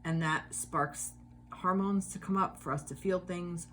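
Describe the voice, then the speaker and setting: A woman's voice: fairly low pitch, fairly even intonation, measured pace, fairly bright tone, slight background noise. A woman giving a casual tarot reading, musing aloud with many fillers and swearing freely. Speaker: tarot reader.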